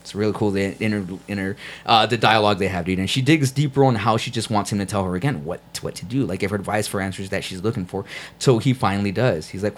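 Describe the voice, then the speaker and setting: A man casually reviewing comic books on a podcast, relaxed and profane, saying "dude" often. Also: lowish voice, quick pace. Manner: laid-back, swears a lot, says dude. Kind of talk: casual chat.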